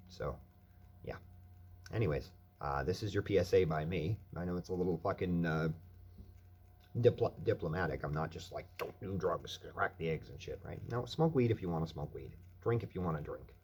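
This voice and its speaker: A man's voice: sits low, animated, normal speed, darkish tone, slight background noise. A man delivering a profane, angry rant as a vlogger, swearing constantly.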